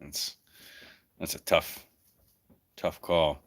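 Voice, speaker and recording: A man's voice: a bass voice, level tone, very slow, breathy edge. A man casually chatting and joking on his own stream, thinking aloud as he goes. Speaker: streamer hosting a chat. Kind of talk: casual livestream chat.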